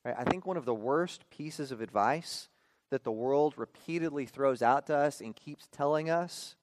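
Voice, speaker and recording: A man in his thirties delivers a sermon as a pastor, his voice sitting in the mid-range with no room sound. He keeps checking in with listeners through quick rhetorical "okay?" and "right?" asides.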